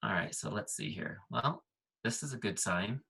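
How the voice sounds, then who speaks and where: Guest trainer, male, middle-aged, bright husky voice, upbeat and punchy. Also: lowish voice, lively intonation, moderate pace, rough recording. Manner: upbeat, punchy, checks in with listeners. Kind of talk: software walkthrough on a team call.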